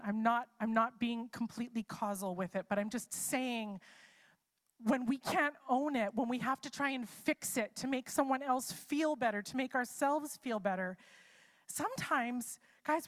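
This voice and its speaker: A woman preacher giving a live sermon in a casual, chatty way, posing many rhetorical what-if questions. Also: sits high.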